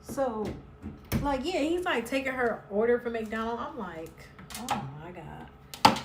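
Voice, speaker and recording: A woman's voice: on the high side, animated, unhurried, heavy background noise. A woman chatting bluntly and sassily as she recaps a reality show, swearing freely. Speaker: recap vlogger. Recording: roomy echo, somewhat far from mic.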